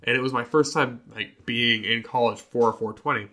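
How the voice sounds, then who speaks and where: Bright-voiced man telling a story. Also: mid-range voice, normal speed. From Montana, USA. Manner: animated, acts out quoted voices in his stories. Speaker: podcast host. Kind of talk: casual podcast storytelling.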